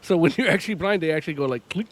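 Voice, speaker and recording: A man's voice: on the high side, racing. A man hosting a podcast in loose, casual chat, swearing freely and laughing often as he talks. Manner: loose, profane, laughs often while talking. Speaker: podcast host.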